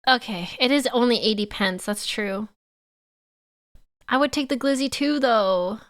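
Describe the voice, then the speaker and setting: A woman's voice: on the high side, measured pace, a bit bright. A woman from Canada, giving playful live-stream reaction commentary and teasing her chat.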